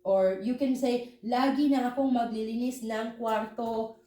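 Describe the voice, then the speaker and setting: A woman from the Philippines with a Filipino accent, teaching a language lesson and slowing down to spell out example phrases. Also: fairly high pitch, steady tone, warm tone. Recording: roomy echo, faint room noise.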